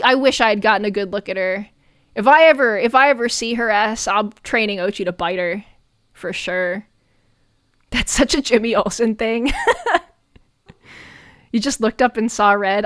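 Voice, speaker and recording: A young adult woman streamer telling a story in casual chat, animated, swearing often and laughing between lines. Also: a little high, smooth, no room sound, studio quality.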